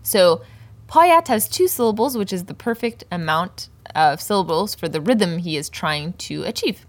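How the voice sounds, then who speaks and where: Woman teaching slowly in a dry booth. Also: fairly low pitch, expressive, dry recording. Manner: slow, careful pronunciation of example words. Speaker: Persian language teacher. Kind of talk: scripted poetry lesson.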